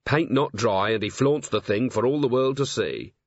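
Man voicing a bitter watch commander, curt, gruff, husky, dull recording. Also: mid-range voice, moderate pace, no echo, close to an everyday voice.

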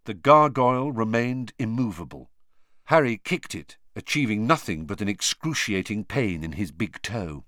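Expressive male audiobook narrator. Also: on the low side, normal speed, dry recording, clean studio sound. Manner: expressive reading. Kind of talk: scripted storybook narration.

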